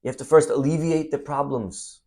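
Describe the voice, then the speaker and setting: A man giving a Torah sermon as a story, swinging between loud emphasis and soft asides. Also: a little high, steady tone, moderate pace, vocal fry. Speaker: rabbi teaching Torah.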